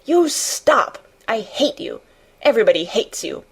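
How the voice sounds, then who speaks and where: A woman's voice: on the high side, lively intonation, measured pace, slightly rough. A woman voicing a fierce, scolding little girl in an audiobook reading. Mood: furious. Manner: scolding, commanding. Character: furious bossy little girl, fierce and stamping.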